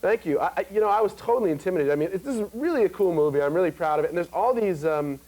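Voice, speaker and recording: A man in his twenties, a guest actor on a talk show, telling stories in an animated, joking way with lots of fillers. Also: sits high, very fast, low-quality recording. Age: 20s. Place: TV studio before an audience.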